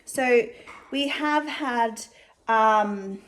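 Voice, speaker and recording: A young adult woman giving casual commentary as a vlogger, chatty and measured, with frequent fillers. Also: on the high side, fairly bright tone.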